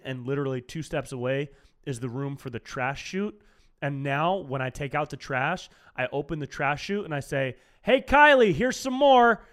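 A man's voice: a little high, a bit bright. A man hosting a solo podcast, ranting sarcastically and saying dude a lot. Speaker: podcast host.

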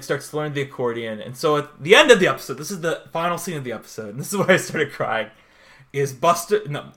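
A man's voice: a little high, a bit bright. A man, co-hosting a podcast and rambling animatedly, full of "like", acting out the scenes he retells. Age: 20s. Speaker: podcast co-host. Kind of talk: casual chat.

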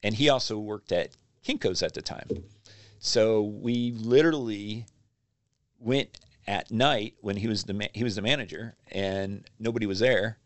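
A man's voice: fairly low pitch, measured pace, no room sound. A man, a magazine publisher, casually telling stories as a podcast guest and acting out what people said. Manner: animated storyteller acting out quotes. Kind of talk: casual storytelling interview.

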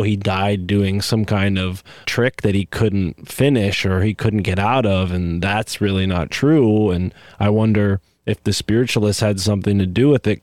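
A man's voice: on the low side, darkish tone, dry recording, studio quality. A man hosting a podcast, chatting casually and rambling through tangents with many asides. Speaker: podcast host. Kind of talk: casual conversation.

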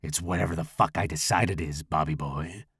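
A man voicing a crude, menacing, deformed slasher villain in a rough, gravelly growl for an audio horror story. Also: very deep voice, fairly even intonation, brisk, a bit bright, no room sound, studio quality, pitched below the performer's own voice, full character voice. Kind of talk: audiobook character voice.

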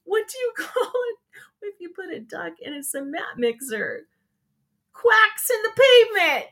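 A woman's voice: sits high, bright, forceful tone. A woman hosting a casual live show, chatting in a rambling way with lots of ums and laughing at her own jokes. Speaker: show host.

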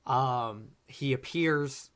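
A man co-hosting a casual podcast about a movie, talking with many pauses and fillers and coughing now and then. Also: mid-range voice, a bit bright. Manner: hesitant, lots of uh and um. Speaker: podcast co-host. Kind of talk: casual film discussion.

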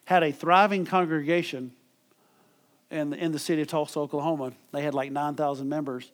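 A man's voice: fairly high pitch, fairly even intonation, fairly quick. A middle-aged man preaching a sermon as pastor, emphatic and calling for amens from the congregation. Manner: emphatic preaching with call-and-response.

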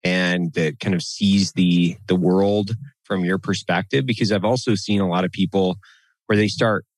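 A man talking bluntly and with a lot of swearing in a casual podcast chat, getting animated when he rants. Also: deep voice, normal speed, no echo.

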